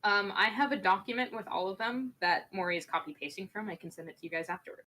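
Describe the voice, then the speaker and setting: A woman's voice: mid-range voice, quick pace, pushed and bright. A woman hosting a livestream trivia game, upbeat and a bit scatterbrained. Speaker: game show host.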